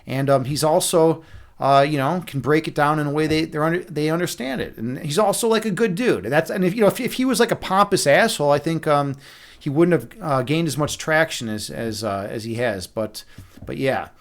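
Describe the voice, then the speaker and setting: Middle-aged male streamer, slightly raised pitch; loose, profane, meandering chat. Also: animated, fairly quick. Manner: chatty, rambling, with many restarts and fillers. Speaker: livestream host. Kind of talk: rambling casual livestream chat.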